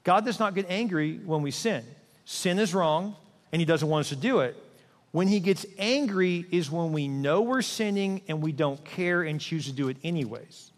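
A man's voice: fairly high pitch, animated, normal speed. A man preaching a sermon as a pastor, conversational and self-deprecating. He asks his listeners direct questions and acts out voices of the people in his stories. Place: large church. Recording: long reverb in a large hall.

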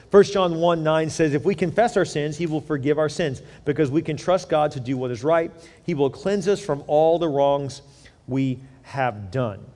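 A man's voice: medium pitch, darkish tone. Preaching man in an echoing hall. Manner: conversational, uses everyday examples, repeats words when starting sentences. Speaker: pastor. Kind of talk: sermon. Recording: reverberant hall.

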